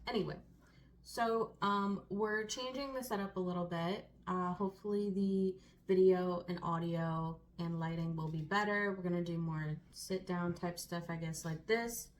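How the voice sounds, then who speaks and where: A woman's voice: lowish voice, steady tone, normal speed. A young woman in her twenties co-hosting a casual sit-down chat, talking freely with many fillers and laughs. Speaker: co-host.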